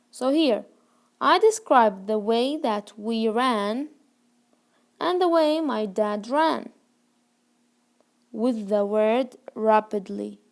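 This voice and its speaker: A woman teaching a grammar lesson, repeating key words slowly and checking that learners follow. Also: on the high side, vocal fry. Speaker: English teacher.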